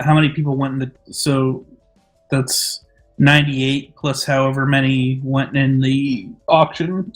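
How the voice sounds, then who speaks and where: A man from Alaska telling quick joking stories in casual stream chat. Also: mid-range voice.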